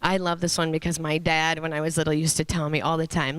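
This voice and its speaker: A woman in her thirties giving an earnest, storytelling motivational talk on stage, pausing for emphasis. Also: sits low, little pitch movement, clean tone, no room sound. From Minnesota, USA. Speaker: motivational speaker. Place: stage before an audience.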